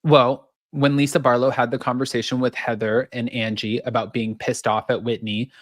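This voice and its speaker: Lively woman recapping gossip, dry close mic. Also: very deep voice, moderate pace, no echo. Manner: animated storyteller who acts out the quotes. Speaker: podcast co-host.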